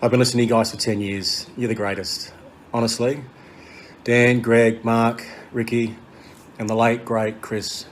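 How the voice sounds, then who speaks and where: An Australian man recording a friendly, relaxed video message from his quarantine hotel room. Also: medium pitch, normal speed, a little hiss or hum.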